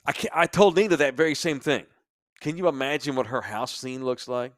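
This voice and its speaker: A man's voice: mid-range voice, expressive, a little fast, no room sound, clean studio sound. A man co-hosting a podcast, telling a crude, mocking travel story with lots of profanity. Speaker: podcast co-host. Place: sports bar studio.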